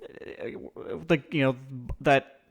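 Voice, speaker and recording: A young man hosting a podcast, chatting casually and telling stories with quick asides. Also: medium pitch. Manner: animated storyteller, quick asides. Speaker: podcast host.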